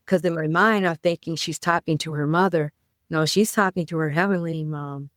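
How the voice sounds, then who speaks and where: Low-voiced middle-aged woman telling her story. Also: steady tone, normal speed, fairly bright tone, no room sound, clean studio sound. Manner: earnest, emphatic recounting with vivid detail. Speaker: podcast guest. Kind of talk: personal storytelling in conversation.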